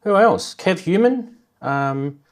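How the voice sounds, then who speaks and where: A man with an Australian accent hosts a casual livestream, speaking slowly in a high-pitched voice with lively intonation. He rambles, tells corny jokes, and greets his chat viewers by name.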